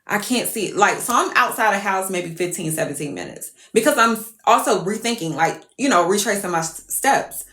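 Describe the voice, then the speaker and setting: A woman's voice: medium pitch, expressive, normal speed, few pauses, fairly bright tone, echoey room. A woman telling a story casually to her viewers, profane and exclamatory.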